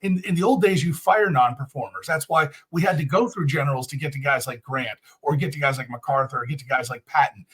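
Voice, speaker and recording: A man's voice: mid-range voice, fast talker, few pauses, a bit bright, breathy edge. A man giving blunt, emphatic commentary as a guest in an interview. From United States.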